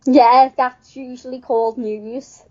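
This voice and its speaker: A woman's voice: high voice, fairly even intonation, slow pace. A woman co-hosting a podcast, trading dry, sardonic retorts in casual chat. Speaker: podcast co-host. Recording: dull lo-fi podcast audio.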